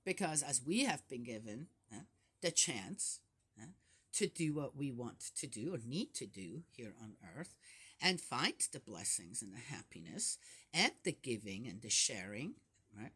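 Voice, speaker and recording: Lively older woman musing on scripture. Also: extremely low pitch, unhurried, breathy edge. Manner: chatty, with frequent rhetorical "Yes?" and "Right?" asides; laughs often while talking. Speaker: Bible study host. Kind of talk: casual Bible commentary.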